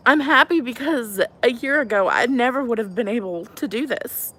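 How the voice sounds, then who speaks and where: Sitting on her home porch, a woman in her thirties answers viewers on a sincere live stream about faith. Her voice runs on the high side, gravelly and a bit bright, at a moderate pace, and she rambles slightly with plenty of "like" and "you know."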